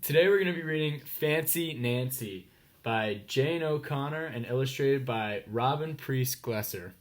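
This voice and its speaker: A man with an American accent and a medium-pitched voice reads a children's picture book aloud slowly. He pauses to explain words and to ask listeners questions.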